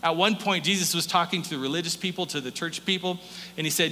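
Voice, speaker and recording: Male pastor, bright forceful voice, animated sermon delivery, long church reverb with faint hum. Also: fairly high pitch, fairly quick. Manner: animated, swings from hushed to loud, acts out quotes. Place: church sanctuary.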